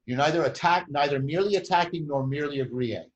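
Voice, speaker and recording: A man's voice: a little high, quick pace, highs cut off. Man explaining with frequent tag questions. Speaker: host. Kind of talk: conversational explanation.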